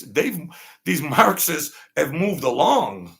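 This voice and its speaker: Gravelly guy ranting on a livestream, sarcastic, keeps repeating himself. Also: a little high, very animated, measured pace, a bit bright. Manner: sarcastic, mocking, repetitive. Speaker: political commentary host. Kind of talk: livestream political rant.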